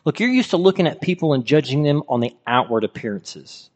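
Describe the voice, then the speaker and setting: A man's voice: fairly high pitch, lively intonation, fairly quick. A man preaching a sermon in a conversational way, asking his listeners rhetorical questions. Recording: reverberant hall.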